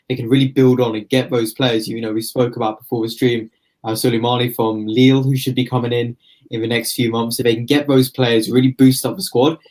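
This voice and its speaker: A man's voice: medium pitch, darkish tone. A man delivering long, flowing football opinions on a podcast. His voice sits in a mid register and stays conversational. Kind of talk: casual football podcast analysis.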